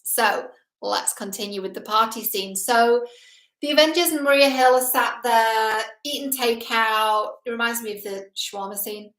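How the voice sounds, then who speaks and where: A woman's voice: on the high side, moderate pace, a bit bright, roomy sound, low-quality recording. A woman hosting a casual film analysis video, chatting with enthusiasm.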